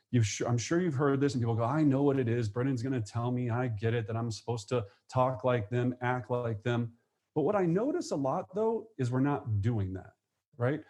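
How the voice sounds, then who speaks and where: Energetic male real estate trainer. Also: mid-range voice. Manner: energetic, acts out phone calls in quick voices. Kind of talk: live webinar teaching.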